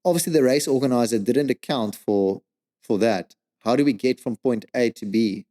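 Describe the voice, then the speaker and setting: A man telling a story as a podcast guest, animated and swearing, with lots of "like" and "dude.". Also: mid-range voice, normal speed. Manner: animated, swears a lot, says "like" and "dude" often. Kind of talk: casual storytelling.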